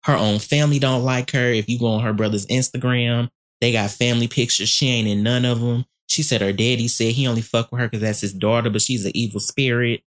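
A woman with an extremely deep voice, recapping gossip on a podcast in a sassy, profane manner. She speaks around a dental retainer that slightly trips up her words. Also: steady tone, a little fast, few pauses. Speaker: podcast co-host.

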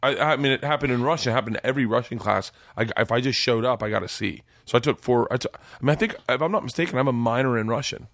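A man in his forties, a comedian telling long, animated stories in a casual chat, swearing freely. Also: medium pitch, fast, dry recording, studio quality. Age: 40s. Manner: animated, profane storyteller. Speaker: comedian guest.

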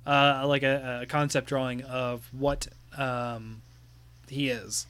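A man's voice: mid-range voice, flat delivery, takes it slowly, a bit bright, smooth. A young man co-hosting a podcast, chatting loosely with many fillers and laughs. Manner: rambling, laughing, full of fillers. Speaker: podcast co-host. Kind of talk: casual chat.

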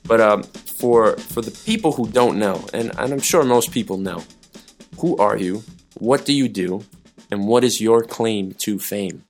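A man's voice: fairly low pitch, a little slow, soft background music. A man hosting a podcast from a hotel room, introducing his guest and trading friendly banter. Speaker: podcast host. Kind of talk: casual podcast interview.

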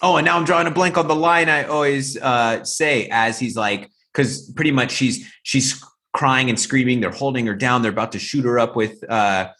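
A man's voice: medium pitch, normal speed, bright, forceful tone. A man co-hosting a podcast, chatting casually about films and acting out movie lines in shifting voices. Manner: rambling with frequent fillers. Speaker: podcast co-host. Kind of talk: casual film discussion.

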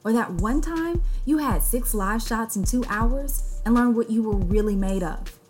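A woman's voice: fairly high pitch, lively intonation, measured pace. A woman host giving a scripted intro in a friendly, candid way with a light joke. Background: music.

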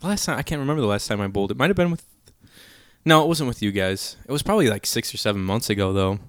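A young man in his twenties co-hosting a casual podcast chat, telling stories with lively swings into loud put-on voices. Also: mid-range voice, quick pace, no room sound, studio quality. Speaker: podcast co-host.

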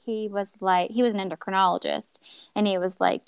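A woman guest telling a personal story in a lively way, acting out what others said to her. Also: medium pitch, brisk, vocal fry, clean tone, no echo. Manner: animated, acts out quoted voices. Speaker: podcast guest.

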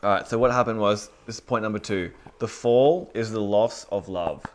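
A man's low-leaning voice carries a little hiss or hum as he preaches a Bible lesson at a moderate pace. Casual and informal, he poses rhetorical questions to the room and acts out inner voices.

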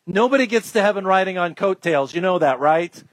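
A man's voice: high voice, animated, brisk, dry recording. A man preaching a sermon as a pastor, emphatic and repeating his key phrases.

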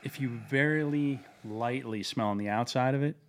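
A man's voice: mid-range voice, moderate pace. A man co-hosting a casual whiskey tasting chat, joking and sarcastic, swearing freely. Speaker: podcast co-host.

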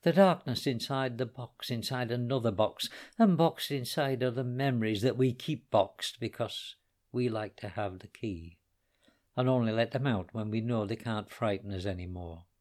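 A man's voice: mid-range voice, normal speed, a little mellow, close to an everyday voice. A man doing a volatile Irishman, brooding and menacing. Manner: swings from taunting to mournful.

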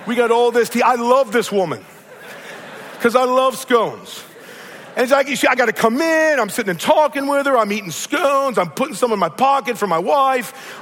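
A middle-aged Midwestern man with a notably high voice preaches in a church. His delivery is earnest and storytelling, and he often repeats a word as he starts a thought. His voice rings out with the long reverb of a large hall. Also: a bit bright. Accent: Midwestern American. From American Midwest. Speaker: pastor. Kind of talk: sermon.

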